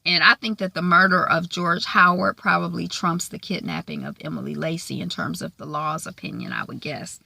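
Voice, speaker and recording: A woman's voice: on the low side, expressive, normal speed, creaky, few pauses, bright, forceful tone, dry recording. A woman giving a chatty, casual recap of a TV episode, full of "you know" and "like". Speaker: TV show reviewer.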